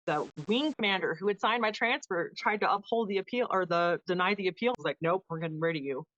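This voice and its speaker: A woman in her thirties, a guest on an interview show, telling her story in a casual, animated way and acting out the people she quotes. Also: lowish voice, quick pace, no echo, lo-fi sound. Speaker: podcast guest, Air Force veteran.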